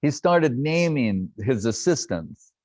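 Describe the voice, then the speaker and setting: Older man telling animated stories. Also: medium pitch, slow, no room sound. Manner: animated, laughing, acts out quotes. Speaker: devotee recounting memories. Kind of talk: reminiscing storytelling talk. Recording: dull lo-fi dry sound.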